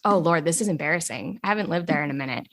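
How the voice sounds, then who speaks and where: A woman's voice: sits low, lively intonation, racing, a bit bright. A woman from New York State, a singer-songwriter guest on a podcast, talking casually with frequent laughs and lots of "like". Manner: giggly, chatty, heavy use of "like". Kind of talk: casual conversational interview.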